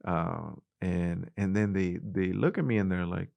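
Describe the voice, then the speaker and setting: A middle-aged man with a Spanish-influenced accent, a youth ministries director telling animated stories in an interview and acting out the dialogue. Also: low voice, unhurried, gravelly, few pauses, dry recording, clean studio sound. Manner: animated storyteller, acts out quoted dialogue. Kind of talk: conversational interview.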